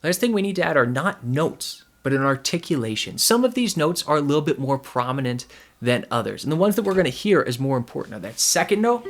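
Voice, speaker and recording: A man's voice: a little high, very animated, a little fast. Man teaching ukulele, counting along. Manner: counts in and sings note sounds between explanations. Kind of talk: music lesson with counted-in play-along. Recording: ukulele playing in the background.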